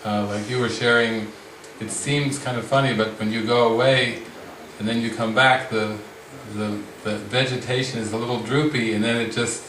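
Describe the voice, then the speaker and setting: A man leading a spiritual retreat discussion, speaking slowly and reflectively with frequent restarts. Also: mid-range voice, fairly even intonation, fairly bright tone, slight background noise. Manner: slow, reflective, many restarts. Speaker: spiritual teacher. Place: retreat room with a group. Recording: roomy sound from the mic's distance.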